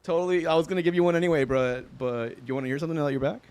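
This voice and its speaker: A young man streaming guitar from home chats loosely with his audience, laughing a lot and swearing now and then, all very laid-back. His fairly high voice comes out rapid-fire, a little mellow and clean in tone.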